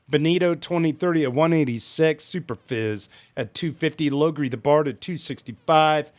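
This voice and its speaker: A man hosting a live stream, reading community forum posts aloud with playful asides and bits of hype. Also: on the high side.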